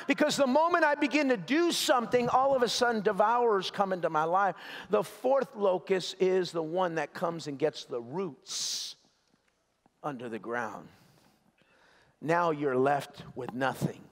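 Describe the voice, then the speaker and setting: High-voiced preaching man, hall reverb. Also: a little slow, gravelly. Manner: impassioned, repetitive preaching cadence. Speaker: pastor. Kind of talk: sermon.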